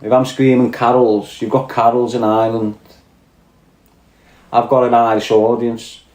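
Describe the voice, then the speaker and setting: Scouse guy chatting on a live stream, rambly, reads viewer comments, dark voice. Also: medium pitch, flat delivery, unhurried. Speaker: podcast host. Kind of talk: casual live-stream chat. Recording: echoey room.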